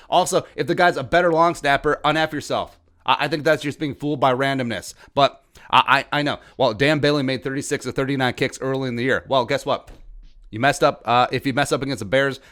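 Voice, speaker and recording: Male sports podcast host, young adult, heated and sarcastic, mid-pitched voice. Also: fairly bright tone.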